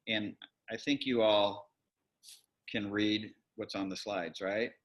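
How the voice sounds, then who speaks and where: A man teaching an online Bible class in a relaxed, rambling way, often stopping to correct himself. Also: lowish voice, takes it slowly. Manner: conversational, rambling with self-corrections. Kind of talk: casual online Bible lesson.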